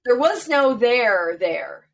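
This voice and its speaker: A woman's voice: a little high, sing-song, takes it slowly. A woman who is a regular podcast guest, chatting in a bantering way and laughing easily. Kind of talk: casual chat.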